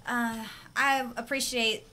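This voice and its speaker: A woman's voice: fairly high pitch, takes it slowly. Chatty woman radio co-host. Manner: chatty, animated storytelling. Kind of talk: casual morning radio chat.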